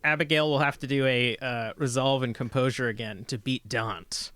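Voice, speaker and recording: A man with a bright, forward voice chats as a player in a tabletop game. He laughs often and feels his way through actions with plenty of fillers, recorded close and dry. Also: medium pitch, steady tone, moderate pace, no room sound. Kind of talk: casual tabletop game chat.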